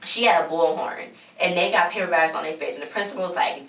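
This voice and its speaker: Chatty low-voiced woman recapping a show. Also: fast talker, few pauses, fairly bright tone. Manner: chatty, rambling, acts out characters' lines. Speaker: TV episode recapper. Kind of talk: casual spoken episode recap. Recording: echoey room, far from mic.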